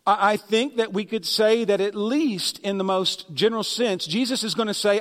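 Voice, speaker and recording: A man's voice: high-pitched, normal speed, in a large hall. A man pastor delivering a sermon in a conversational preaching manner, with sarcastic asides, in a church sanctuary.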